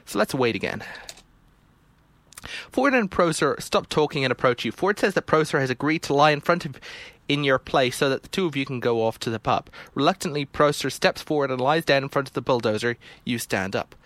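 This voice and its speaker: A young man plays a text adventure in a let's play, reading the game's prose aloud and muttering the commands he types between his own remarks. His mid-range voice is animated, brisk, and fairly bright, with no room sound.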